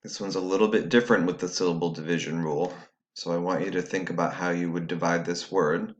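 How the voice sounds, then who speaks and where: A man's voice: low voice, steady tone, fast talker, lo-fi sound. A man teaching a recorded phonics lesson, patiently explaining step by step to students at home.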